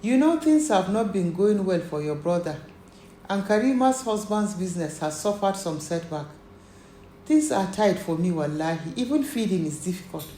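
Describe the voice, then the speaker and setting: A woman's voice: medium pitch, big pitch swings, normal speed, dark tone, echoey room, slight background noise, lightly acted. A woman voicing an aging mother who sounds hurt and weary. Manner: weary, reproachful.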